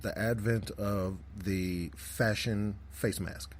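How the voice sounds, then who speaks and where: A man's voice: lowish voice, steady tone, slow pace, a little hiss or hum. A man co-hosting a podcast, talking in a laid-back, slangy way. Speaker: podcast co-host. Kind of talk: casual chat.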